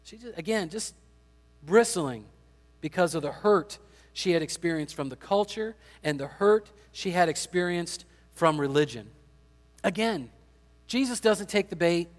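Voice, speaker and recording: A man's voice: high voice, moderate pace, long reverb tail. A man preaching a sermon, retelling a scripture passage and acting out the people in it. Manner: acts out quoted speech of biblical figures in paraphrase. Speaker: pastor.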